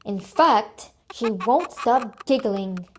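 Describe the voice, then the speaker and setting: A woman's voice: a little high, expressive, takes it slowly, slight background noise. A woman voicing a cross, grumbling male customer in a children's storybook.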